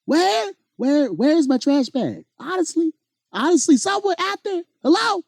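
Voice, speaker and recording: A man doing a loud, excitable impression of a famous comedian, pitched far above his own voice. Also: creaky, no echo, studio quality, heavily acted. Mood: rowdy. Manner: shouting, rapid, rowdy.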